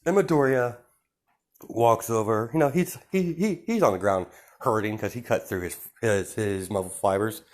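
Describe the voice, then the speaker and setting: Casual male storyteller, lowish voice, loose and rambling, lots of fillers. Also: normal speed. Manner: rambling, many fillers and restarts, laughs often. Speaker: fan storyteller.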